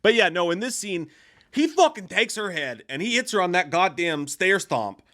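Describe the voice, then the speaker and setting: Brief: male co-host, lively delivery, bright voice, dry close mic, swears casually. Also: high-pitched, normal speed, no echo. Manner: animated, profane, laughs often. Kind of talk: casual chat.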